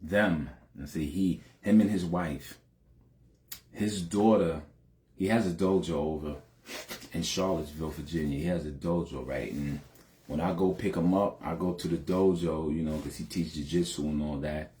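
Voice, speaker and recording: A man's voice: very deep voice, normal speed, warm tone. A middle-aged man, a podcast host, telling a personal story in an earnest, emphatic way, often adding "you know" and "man". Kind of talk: heartfelt personal monologue.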